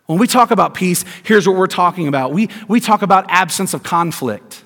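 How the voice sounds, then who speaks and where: Raised-pitch preacher with hall reverb. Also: male voice, expressive, gravelly, fairly bright tone. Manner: emphatic, rhetorical questions, deliberate stresses. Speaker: pastor. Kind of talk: sermon.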